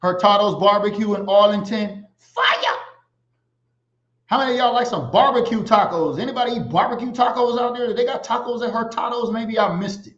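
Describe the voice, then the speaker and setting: A man hosting a casual livestream, animated and giving shout-outs to viewers. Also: high voice, fast talker, few pauses. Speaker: livestream host. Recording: echoey, slightly dull sound.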